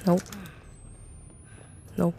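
A woman's voice: very slow, mellow, slight background noise. A young woman streaming a horror game live, talking to her chat with jumpy remarks and plenty of swearing. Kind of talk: live gameplay commentary.

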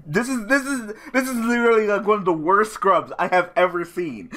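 A man talks through an online card game in casual commentary, muttering his plays under his breath. His voice sits on the high side and swings widely in pitch as he laughs and rants in disbelief. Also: expressive, moderate pace, bright, forceful tone. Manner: muttering to himself, then laughing and ranting in disbelief. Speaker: gaming channel host.

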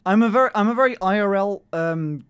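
A man's voice: sits high, brisk, fairly bright tone, clear, resonant tone. A young man streaming live, casually chatting, flustered and stammering with nervous laughs.

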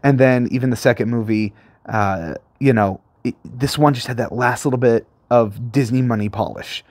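A man casually talking through his favorite film moments with excitement. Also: medium pitch, normal speed, no echo. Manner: enthusiastic, gushing. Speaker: movie reviewer.

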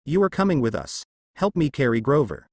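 A stubborn teenage boy, insistent and raised a little in pitch, as a male narrator puts him on. The voice is lively and dry up close. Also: a little fast, no echo. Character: stubborn teenage boy refusing to leave his mother.

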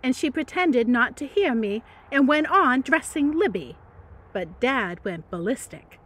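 A teacher reading a novel aloud in a dramatic, playful voice, with chatty asides. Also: female voice, sits high, animated, unhurried, a bit bright. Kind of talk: expressive read-aloud narration.

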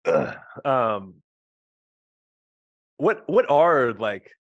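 A man's voice: medium pitch, big pitch swings, extremely slow, muffled recording. A man hosting a podcast in casual chat, playful and curious, asking questions and often saying "dude". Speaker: podcast host.

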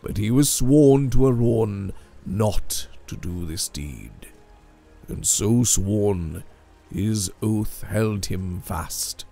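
A man retelling an old legend in measured, dramatic scripted narration. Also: fairly low pitch, gravelly, dark tone, soft background music. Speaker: storyteller.

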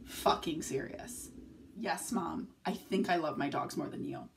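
A young woman records a casual confessional vlog in her home at night, speaking at normal speed in a voice on the low side. She wanders through tangents, curses frequently, and there's slight background noise.

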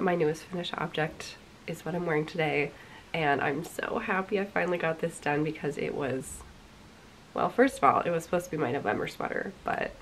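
A woman's voice: low-pitched, a little hiss or hum. A young woman hosting a knitting podcast, chatting casually and a bit self-deprecatingly while congested from a cold. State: congested, sick voice. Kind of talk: casual chat.

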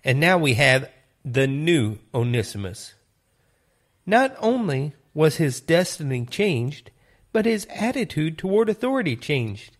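A man teaching a Bible lesson, retelling stories in a deliberate, earnest way. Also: on the high side, very animated. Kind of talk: sermon storytelling.

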